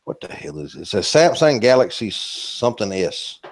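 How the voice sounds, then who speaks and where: A man's voice: lowish voice, big pitch swings, moderate pace. A man with a Southern US accent, co-hosting a live stream in a casual, joking drawl that swears now and then.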